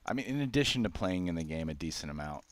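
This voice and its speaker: A man with a very low voice co-hosts poker coverage in an easy, conversational way. He tosses in agreements and short asides about the players. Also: fast, no room sound. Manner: relaxed, agreeable, chatty asides. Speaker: poker commentator. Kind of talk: casual commentary chat.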